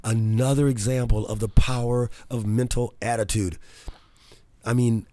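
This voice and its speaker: A man hosting a radio talk show, moving from a motivational monologue into excitable, chatty banter with frequent laughter. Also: mid-range voice, normal speed, dry recording.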